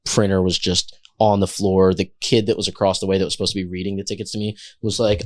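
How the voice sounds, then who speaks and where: A man, a chef who is a guest on a podcast, telling animated stories in casual chat and acting out the voices of the people in them. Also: lowish voice, brisk. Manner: animated, acts out quoted voices.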